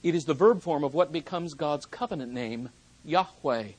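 A preacher delivering a sermon, talking emphatically and swinging between hushed and loud. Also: medium pitch, expressive, slightly rough, low-quality recording. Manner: slows down for quoted verses.

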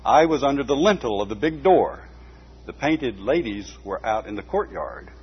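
A man voicing a small, sturdy older woman custodian with a piping voice, who speaks slowly, firmly and plainly. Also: medium pitch, sing-song, husky. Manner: slow, firm, plainspoken. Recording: dull lo-fi recording with faint hum.

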